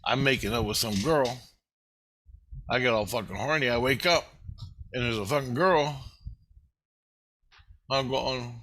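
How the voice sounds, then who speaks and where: Vlogger, male, bright forceful voice, rambling and heavily profane delivery. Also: medium pitch, unhurried, long pauses. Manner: profane, agitated, swears constantly. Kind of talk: rambling first-person monologue.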